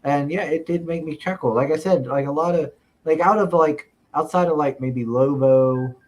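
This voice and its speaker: A man's voice: on the high side, moderate pace, a little hiss or hum. A man from the American South in casual podcast chat, rambling with lots of filler words.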